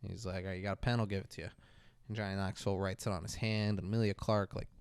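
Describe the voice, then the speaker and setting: A man recaps a movie on a podcast in a smooth, resonant voice. He talks casually, swears a lot, and acts out the characters' lines as he goes. The sound is dry and close. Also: deep voice, little pitch movement, very fast, no room sound. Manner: profane, retells scenes acting out lines. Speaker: podcast co-host.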